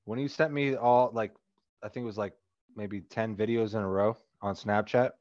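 Low-voiced man on a dull headset. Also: fairly even intonation, normal speed, a little mellow, no echo. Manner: laughs often, swears a lot. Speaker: podcast guest. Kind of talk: crude casual podcast banter. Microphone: headset on an online call. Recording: dry, slightly dull headset audio.

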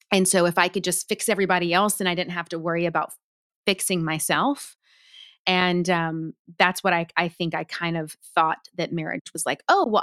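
Thoughtful woman with a smooth voice. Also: lowish voice, a bit bright, no room sound, studio quality. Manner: earnest, thoughtful, with frequent "you know" fillers. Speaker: guest. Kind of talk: reflective interview talk.

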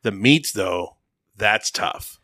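A man's voice: on the low side, lively intonation, takes it slowly, sharp tone, dry recording, clean studio sound. A young man co-hosting a podcast in casual, goofy chat, musing and laughing easily. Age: young adult. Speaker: podcast co-host.

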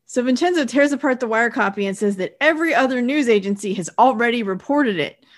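A woman co-hosting a podcast, narrating scenes in a relaxed way and acting out the quoted lines. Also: a little high, fast. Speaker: podcast co-host. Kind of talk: casual recap chat.

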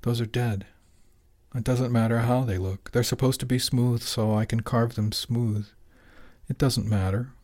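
Man reading as a calm teenage boy, insolent drawl, soft, airy, dreamy, audiobook. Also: medium pitch, moderate pace, natural voice.

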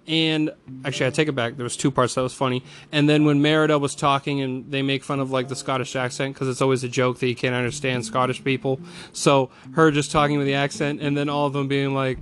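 A man's voice: a little high, a little fast, soft background music. A man ranting angrily about a movie, swearing often and mocking the studio with put-on quotes. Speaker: film reviewer.

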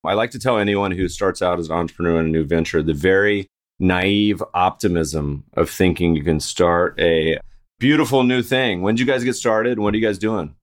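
A man's voice: low voice, moderate pace. An American man hosting a podcast, chatty and upbeat, introducing his guest, reading an ad and joking around. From United States. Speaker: podcast host. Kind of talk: casual interview chat and read ad.

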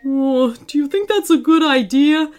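A woman voicing a lonely, gentle big hairy male monster who stammers a little and sounds nervous and fond. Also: fairly high pitch, very animated, a little slow, faint music behind. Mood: warm, bashful.

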